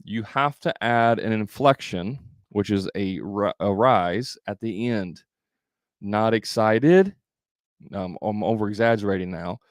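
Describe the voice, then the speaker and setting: A man's voice: lowish voice, normal speed, no echo, studio quality. A man giving a live sales training as coach, talking conversationally with fillers and restarts.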